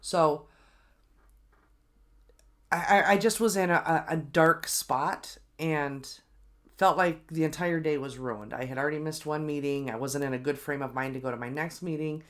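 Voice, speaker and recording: A middle-aged woman hosting her own show, telling a story in a casual, animated and exasperated way, with many ums and restarts. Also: deep voice, moderate pace. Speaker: host.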